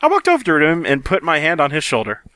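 A man with a bright, animated voice reads a clumsy amateur story aloud for laughs, deadpan and halting. His voice sits a little high and sounds dry and close. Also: no room sound. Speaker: podcast co-host reading a story aloud. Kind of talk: comedic reading of fan fiction.

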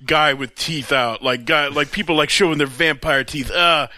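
A man's voice: on the high side, normal speed, sharp tone. A man co-hosting a comedy podcast, joking through silly dating profiles. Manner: joking, puts on a mock British accent when reading. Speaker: podcast co-host.

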